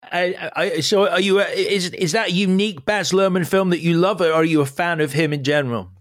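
A man's voice: sits high, a little fast. A man hosting an interview, asking questions with stammering restarts. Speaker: podcast host. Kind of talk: casual interview chat.

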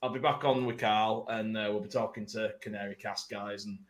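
A man's voice: on the low side, steady tone, fairly quick, roomy sound, background noise. A man hosting a casual podcast chat, rambling and self-mocking, easily breaking into laughter. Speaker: podcast host.

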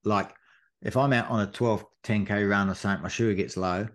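Lively man telling a race story. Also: lowish voice, fairly quick. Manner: animated storyteller, acts out shouts and quotes. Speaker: podcast co-host, marathon runner. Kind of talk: casual chat recounting a race.

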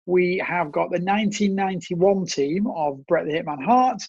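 A man's voice: high-pitched, moderate pace, slightly rough, no echo, muffled recording. A man co-hosting a casual podcast, jokey and easygoing, teasing his friend. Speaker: podcast co-host.

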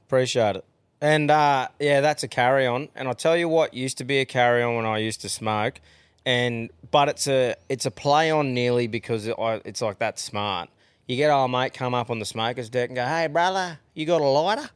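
A man's voice: medium pitch, normal speed, clear, resonant tone, dry recording. A man with an Australian accent hosting a casual podcast chat, blokey and swearing freely. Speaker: podcast host.

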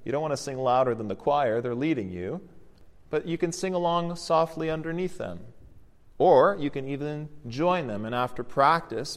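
A man, an Orthodox priest, explaining the liturgy to his congregation in a gently encouraging teaching sermon. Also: medium pitch. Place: church. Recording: long church reverb.

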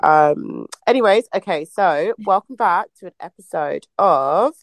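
A woman in her late twenties trades teasing banter as a podcast co-host, her voice sitting slightly low. The sound is close and dry, with no room echo. She joins over a remote call. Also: animated, measured pace. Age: late 20s. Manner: playful, teasing, laughs a lot. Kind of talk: casual chat.

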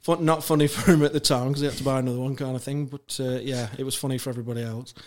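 Guest voice: man, flat delivery, rambling storyteller with lots of fillers. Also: mid-range voice, racing. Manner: rambling, many fillers and restarts, laughs while telling stories. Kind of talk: casual chat, telling anecdotes.

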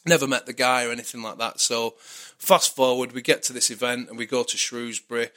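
A man with a British accent, a podcast guest telling a casual anecdote in a lively, chatty way and sometimes swearing. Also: medium pitch, brisk. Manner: animated storyteller, acts out quoted dialogue, swears casually.

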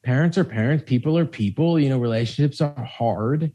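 A man's voice: mid-range voice, brisk, dark tone. A man co-hosting a casual film podcast, rambling and stumbling as he thinks aloud. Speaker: podcast co-host.

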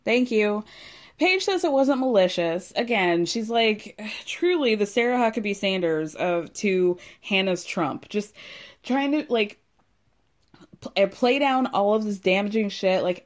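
A young woman hosting a casual recap podcast, animated and sarcastic, swearing freely and acting out what people said. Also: mid-range voice, a little slow. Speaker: podcast host recapping a reality show.

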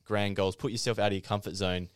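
A man's voice: on the low side, steady tone, clear, resonant tone, no echo, clean studio sound. Earnest young man explaining with conviction. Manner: earnest, explanatory, fast in bursts. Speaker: podcast co-host. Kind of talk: casual podcast chat.

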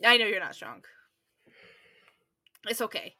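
A woman's voice: medium pitch, sing-song, a little slow, bright, forceful tone. A young woman co-hosting a podcast, recapping a sitcom episode in casual chat and laughing often as she goes. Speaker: podcast co-host.

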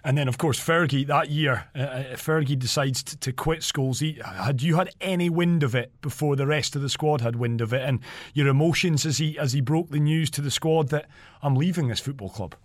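Guy hosting a podcast, quiet halting questions, dry sound. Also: on the high side, dry recording. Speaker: podcast host. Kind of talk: casual interview questions.

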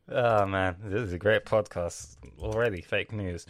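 Man, podcast monologue, rambling, gravelly voice, dry close sound. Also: lowish voice, unhurried, dry recording. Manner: rambling, swearing, trailing off into tangents.

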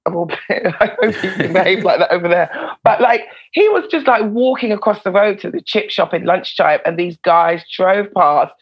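A woman, a former prison officer and comedian, telling stories in a casual interview, animated and swearing freely. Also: lowish voice, moderate pace, few pauses, slightly rough, highs cut off. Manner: animated, swears freely, laughs between lines. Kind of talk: casual storytelling in a podcast interview.

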